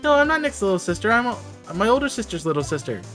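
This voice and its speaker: A streamer voicing an excitable, bubbly teenage girl sidekick. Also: mid-range voice, rapid-fire, faint music behind, voice pushed up. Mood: earnest. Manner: bubbly, exclamatory.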